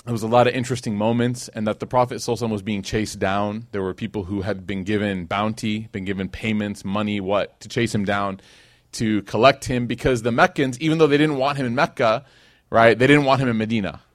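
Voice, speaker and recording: A man's voice: lowish voice, steady tone, quick pace, dry recording, studio quality. A man from Chicago teaching a conversational sermon, telling stories with slang and acted-out quotes. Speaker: Islamic teacher. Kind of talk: casual sermon.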